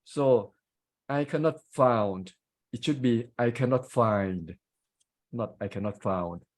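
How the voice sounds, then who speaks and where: A man's voice: mid-range voice, slow, poor audio. A man with a Thai accent giving grammar and pronunciation feedback as a club grammarian on a video call, explaining carefully with examples.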